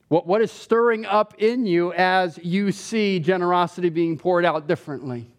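A pastor preaches animatedly at a normal speed, repeating words as he begins phrases. When he voices other people's complaints, his pitch rises.

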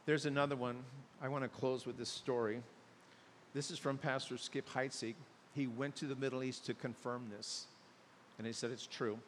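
A man preaching a sermon, telling stories and building to loud, emphatic peaks. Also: medium pitch, fairly even intonation, normal speed. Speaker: pastor. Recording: long hall reverb, faint hiss.

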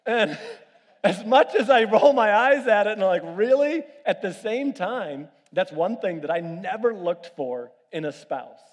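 A man preaching a sermon, telling family stories with lively animation and asking the congregation to raise their hands. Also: high-pitched, measured pace. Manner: animated storytelling with audience questions. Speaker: pastor. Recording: long reverb of a large hall.

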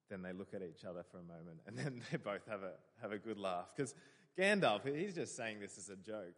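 A man's voice: fairly low pitch, normal speed, a bit bright, big-room sound. A man preaching a sermon, earnestly explaining scripture and reading verses aloud.

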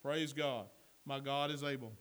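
A male pastor preaching a sermon, building to shouts and dropping into folksy asides. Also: mid-range voice, fairly even intonation, unhurried, clean tone.

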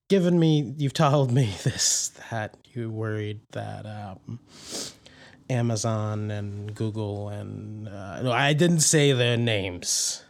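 Hesitant, wry male podcast host. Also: mid-range voice. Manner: hesitant, wry, full of ums and restarts. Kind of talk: casual comedic podcast chat.

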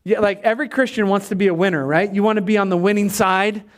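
A man preaching an energetic sermon in a church, asking the congregation for responses as he goes. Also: high voice, fast. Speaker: pastor.

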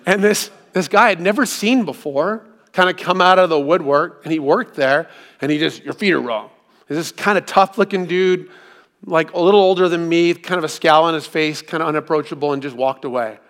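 A man delivers a sermon in a relaxed, chatty manner, his voice sitting a little higher than most men's. He poses rhetorical questions to the congregation and slips into humorous personal stories. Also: a little fast. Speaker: pastor.

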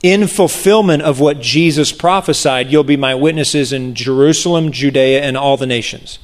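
A man preaching a sermon, animated and expressive, acting out the voices of people in the story. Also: moderate pace. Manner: animated, acts out voices of the crowd with big pitch jumps.

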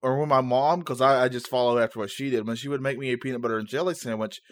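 A man's voice: medium pitch, fairly even intonation, fast talker, no room sound, studio quality. A man co-hosting a podcast in casual chat, joking and laughing often, for whom English is not his first language. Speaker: podcast co-host. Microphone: new podcast microphone.

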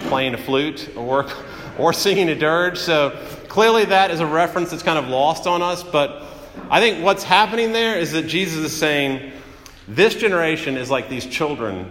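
Man, preacher, conversational sermon, long reverb, animated storytelling. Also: mid-range voice, slight background noise. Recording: echoey hall with long reverb.

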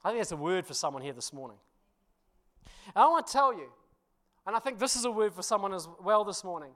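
A male pastor, preaching a sermon through animated, self-deprecating storytelling, often laughing and checking in with the congregation. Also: sits high, quick pace. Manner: addresses congregation with frequent "you know" and "hmm?".

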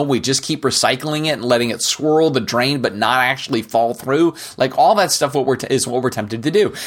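A middle-aged man hosting a podcast, giving an earnest, conversational Christian teaching that often ends points with "right?". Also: mid-range voice. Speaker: podcast host. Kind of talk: casual Christian teaching monologue.

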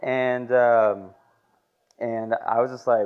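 A man in his twenties giving a halting, emotional personal testimony as a lay preacher in a church classroom. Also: mid-range voice, steady tone, smooth. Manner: halting, emotional, filler-heavy. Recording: muffled lo-fi recording.

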